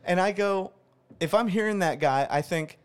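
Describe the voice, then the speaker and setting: A man co-hosting a podcast who talks in an animated, exasperated way, ranting his opinions in casual chat. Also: sits high, moderate pace, smooth. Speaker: podcast co-host.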